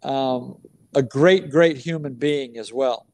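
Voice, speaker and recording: A middle-aged American man, a basketball coach, answering interview questions with slow, deliberate, emphatic storytelling. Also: mid-range voice, a little mellow.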